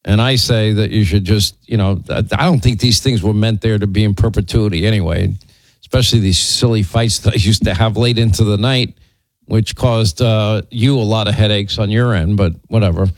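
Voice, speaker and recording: A man's voice: lowish voice, moderate pace, no echo, low-quality recording. A man hosting a commentary show, sardonic and opinionated, stumbling and restarting as he goes. His voice is close and dry, with no room sound. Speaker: show host.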